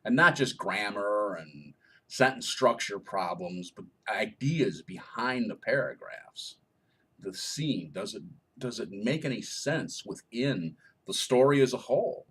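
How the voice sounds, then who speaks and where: A man's voice: fairly low pitch, expressive, a little slow, a bit bright, slightly rough. A man co-author answering reader questions in a casual chat, explaining things in a jokey way.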